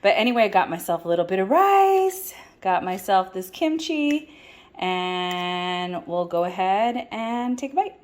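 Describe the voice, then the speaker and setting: A woman's voice: mid-range voice, sing-song, unhurried. A woman hosting a cooking vlog, talking in a chatty, rambling and upbeat way. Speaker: cooking vlogger.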